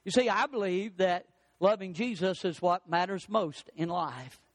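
A pastor with a very high voice delivers an emphatic sermon. He climbs on his questions and drops low and soft on key phrases. The sound is close and dry, with no room echo. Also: unhurried. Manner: emphatic preaching, rising on questions and dropping low on key words. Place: church.

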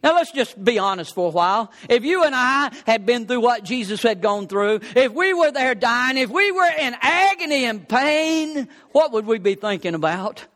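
A man preaching a sermon, swinging between rising exclamations and low, quiet asides. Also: very animated, moderate pace, few pauses. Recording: long hall reverb.

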